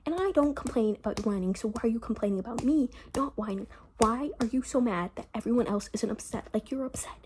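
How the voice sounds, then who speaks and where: A woman's voice: on the high side, a little fast, a little mellow, slight background noise. A teenage girl talking in a rambling, chatty way in a casual diary vlog, often half-whispering into her phone in her bedroom. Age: teens. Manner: rambling, chatty, full of "like" fillers. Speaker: vlogger.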